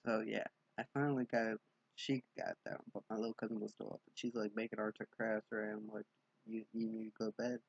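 A young man telling a rambling late-night vlog story, casual and sweary, in a dark room at home. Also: on the low side, little pitch movement, brisk, vocal fry, husky, no room sound, dull audio. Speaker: vlogger.

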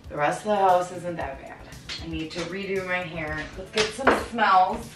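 A woman films herself cleaning her kitchen at home, chatting and rambling to herself and laughing at her own remarks. Her voice is lowish and at normal speed. The recording is echoey and distant, with background music.

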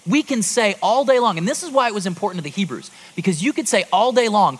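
A man in his thirties preaching a sermon to a congregation, conversational and lively, with rhetorical asides. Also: high-pitched, a little fast, hardly any pauses, slightly rough. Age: 30s. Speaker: pastor. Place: church auditorium before a congregation.

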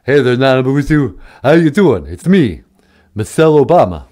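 A man doing an impression of a former first lady, talking loud, sassy and confrontational. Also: medium pitch, sing-song, moderate pace, voice pushed down, lightly acted.

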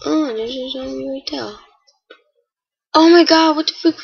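A woman giving casual, chatty commentary while playing a game, with excitable, startled exclamations. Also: high voice, unhurried, gravelly, long pauses, low-quality recording. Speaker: gamer.

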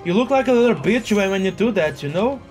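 A man giving live commentary on his own gameplay, excitable, often exclaiming and cursing at a hard boss fight. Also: high-pitched, fast. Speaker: gaming video host. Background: faint game music.

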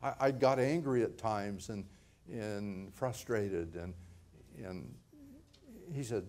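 A man's voice: on the low side, slow, darkish tone, a little hiss or hum. An older man, a pastor, preaching a sermon in a conversational way, often repeating words and laughing lightly.

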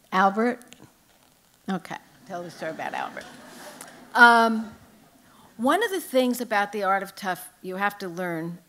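An older woman, an author, telling humorous anecdotes on stage at a live event. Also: mid-range voice. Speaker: author guest at a book festival. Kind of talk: storytelling on stage.

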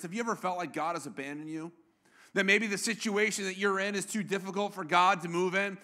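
A man's voice: sits high, animated, brisk, pushed and bright. A man preaching a sermon to a congregation, playful and quizzing the room with questions. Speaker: pastor. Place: church.

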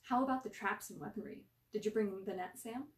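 A woman's voice: mid-range voice, reverberant, far from the mic, close to an everyday voice. A woman reading an eager, defensive young boy. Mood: excited. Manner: eager, defensive, quick to tease. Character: excited boastful preteen boy, the younger brother.

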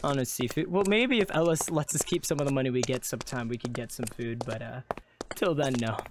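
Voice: medium pitch, brisk, noisy background. A streamer playing through a live game roleplay, stammering and rambling with lots of fillers. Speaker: streamer and player character.

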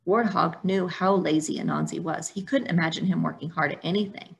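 A woman reading a children's picture book aloud for storytime, in a steady storytelling manner. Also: fairly low pitch, a little fast, creaky, few pauses. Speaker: storytime reader.

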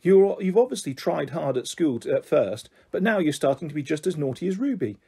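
A stern father, fed up with his misbehaving twins, scolds them with weary disappointment, as a man reads him aloud. The voice sits a little high and sounds mellow and husky. He talks like a parent at the end of his patience. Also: lively intonation, fairly quick, exaggerated voice. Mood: reproachful.

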